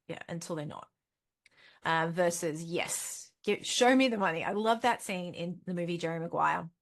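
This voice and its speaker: A woman giving a casual webinar talk on money, chatty and self-correcting, often slipping into playful inner-voice quotes. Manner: chatty, acts out inner voices with sudden high pitch jumps; frequent self-corrections and soft laughs. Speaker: financial educator and webinar host. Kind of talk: webinar presentation.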